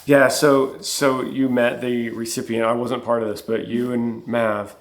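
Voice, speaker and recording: A man's voice: mid-range voice, flat delivery, measured pace. A man co-hosting a casual chat, reading passages from a book aloud, earnest and easily moved. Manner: earnest, gets emotional. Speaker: co-host.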